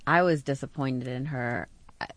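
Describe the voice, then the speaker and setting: A woman's voice: very deep voice, normal speed, dry recording. A woman joins a casual podcast conversation as a guest. She speaks hesitantly and keeps restarting her thoughts. The sound is dry. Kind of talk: casual chat.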